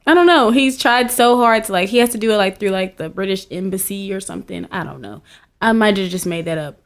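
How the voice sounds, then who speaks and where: A woman's voice: mid-range voice, a little fast. A young woman guest chatting casually, rambling and laughing often, with plenty of filler words. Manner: giggly, rambling, lots of "like". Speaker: podcast guest. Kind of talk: casual chat.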